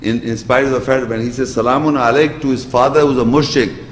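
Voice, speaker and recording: A man's voice: medium pitch, steady tone, fast talker. A man giving an emphatic religious lecture and reciting Arabic verses. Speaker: Islamic lecturer. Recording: echoey hall reverb.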